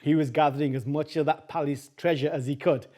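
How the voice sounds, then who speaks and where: A man telling a folk tale aloud in a chatty, animated way, talking straight to his listeners and repeating phrases for rhythm. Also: a little high, a little fast. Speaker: storyteller. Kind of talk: oral folk-tale storytelling.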